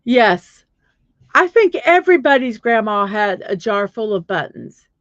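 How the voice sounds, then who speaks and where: A middle-aged woman with a slightly high voice hosts a casual livestream and rambles along, filling pauses with ums as she hunts for things on her screen. She is recorded on a dull, lo-fi computer mic in a dry, close space. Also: very animated, no echo. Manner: rambling, searches aloud with many fillers. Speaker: livestream host.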